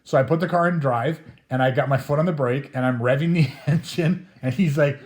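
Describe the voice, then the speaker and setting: A man's voice: fairly high pitch, fairly quick, a little mellow. A middle-aged man casually telling a rambling, profane anecdote, often chuckling as he talks. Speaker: storyteller host.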